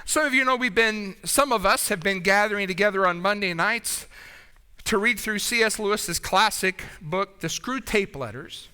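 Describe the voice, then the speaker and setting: A man's voice: high-pitched, normal speed, bright, forceful tone, smooth, big-room sound. A man preaching a sermon in a conversational way, often checking in with his listeners. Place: church sanctuary.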